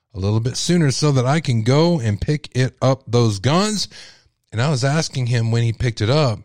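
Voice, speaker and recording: A male podcast host reading a statement aloud in character as a furious grieving widow, ranting and accusing with sharp swings in pitch. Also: no echo, clean studio sound, lightly acted.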